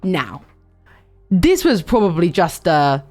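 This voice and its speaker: A young woman streamer telling a long story in a casual, animated way, swearing and breaking into sudden high squeals. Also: brisk, faint music behind.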